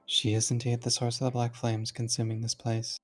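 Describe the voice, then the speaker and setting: Brief: a friend voicing a composed male dream-world guide for a visual novel reading; measured, formal, middle pitch. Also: faint music behind, natural voice. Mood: calm, composed. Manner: calm, measured, slightly formal.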